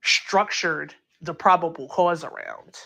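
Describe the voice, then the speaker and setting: A woman hosting a casual true crime chat, talking it through in an animated, incredulous way and acting out quotes, with plenty of filler words. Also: low voice, slow pace, creaky. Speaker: true crime channel host. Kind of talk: casual commentary.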